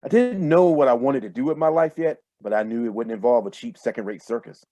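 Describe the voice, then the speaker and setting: A man reading his own first-person fiction aloud in a steady, measured way over a video call. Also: mid-range voice, no echo. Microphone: computer mic on a video call.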